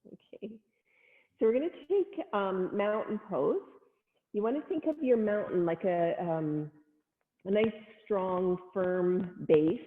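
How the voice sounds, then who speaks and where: A female yoga instructor guides a family class using gentle, playful cues and little animal noises, and she sounds animated. She speaks slowly at a middling pitch, with thin, phone-like audio and a long reverb trailing behind.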